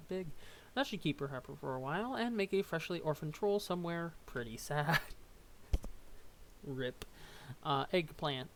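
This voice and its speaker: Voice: mid-range voice, a little hiss or hum. A young adult casually reading a webcomic aloud, tripping over words and adding joking asides. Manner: reads with stumbles, asides and laughs. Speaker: webcomic reader.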